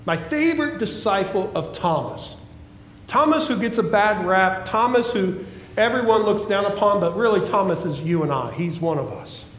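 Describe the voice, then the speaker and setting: A male pastor preaching a sermon, emphatic and repetitive, dropping at times to a hushed, pleading tone. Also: sits high, lively intonation, moderate pace, slight background noise. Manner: emphatic preaching with repeated phrases and swings from loud to hushed. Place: church sanctuary. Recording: echoey church hall.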